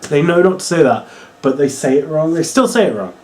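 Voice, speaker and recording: Young English guy, Norwich accent, rambling wrestling reviewer; lively, swinging pitch, a touch higher than most men. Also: brisk. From England. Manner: rambling, excitable, swears, mocks wrestlers in silly voices. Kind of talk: casual video review.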